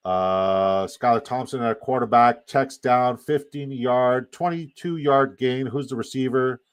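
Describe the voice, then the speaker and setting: A man's voice: mid-range voice, unhurried, smooth, no room sound. A man with a Canadian accent, hosting a live fantasy football stream, rambling and swearing as he reacts to chat.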